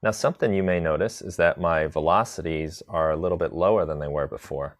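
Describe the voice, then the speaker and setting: A man teaching a live tutorial on drum sequencing, chatty and relaxed, answering viewer questions as he demonstrates. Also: very deep voice, a little fast, no echo. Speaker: music production instructor.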